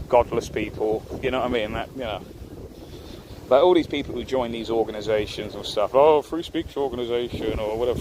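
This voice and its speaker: A man, rambling and ranting as he livestreams outdoors on a city street. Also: mid-range voice. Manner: ranting, rambling, repeats himself. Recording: wind noise and traffic outdoors.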